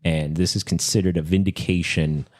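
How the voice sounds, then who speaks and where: Deep-voiced man rambling through a story. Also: steady tone, normal speed. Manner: rambling storyteller, many fillers and restarts. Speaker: podcast co-host. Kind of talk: casual podcast chat.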